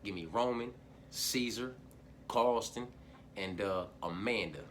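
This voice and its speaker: A man hosts his own fight-picks channel in a loose, profane monologue. His voice is bright and forward, and he rambles with slang fillers and swearing. A faint hiss of background noise sits under the recording. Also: on the low side, slow. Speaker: host of an MMA betting picks channel. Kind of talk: casual solo picks monologue.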